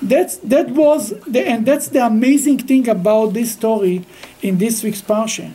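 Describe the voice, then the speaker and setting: A man teaching a weekly scripture class. He speaks haltingly, with frequent restarts, and grows lively as he tells stories. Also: extremely high pitch, poor audio. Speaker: Torah teacher.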